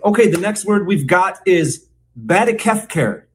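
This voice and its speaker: A man hosting a podcast, presenting a mock language lesson with a teasing, drawn-out teacher delivery. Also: sits high, very animated, slight background noise. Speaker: podcast co-host.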